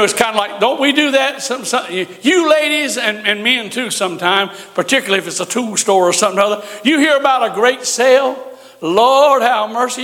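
An older male preacher with a very high, bright voice tells stories from the pulpit, folksy and humorous. His words ring out in a church sanctuary with a long reverb trailing behind them. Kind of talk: sermon.

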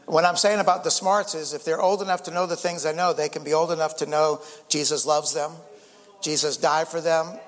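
A man's voice: on the high side, steady tone, brisk, in a large hall. An older man preaching a sermon as pastor, earnest, often repeating words and rising for emphasis. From United States.

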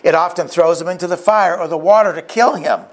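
A man's voice: high voice, fairly quick, lightly acted. A preacher voicing a weary, desperate father. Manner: slightly hysterical pleading. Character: weary desperate father pleading for his son.

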